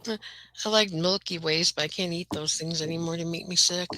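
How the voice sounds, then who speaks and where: A woman's voice: lowish voice, normal speed, noisy background. A woman with a Midwestern accent chatting bluntly and laughing easily in a casual group video chat over a webcam. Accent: Midwestern American. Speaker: community chat participant.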